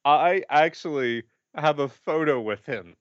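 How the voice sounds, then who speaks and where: A man co-hosting a podcast in casual chat, animated and quick to laugh, often restarting his sentences. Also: a little high, no echo, lo-fi sound. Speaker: podcast co-host.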